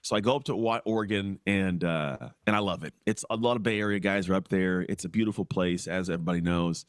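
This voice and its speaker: A man in his forties tells his story quickly in a low voice, jumping into other people's lines as he acts them out. He laughs easily and keeps the story moving. The sound is dry and close, with no room around it. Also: clean tone, no echo. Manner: animated, acts out quoted voices, laughs often. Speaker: podcast guest, former pro football player. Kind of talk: storytelling in casual interview.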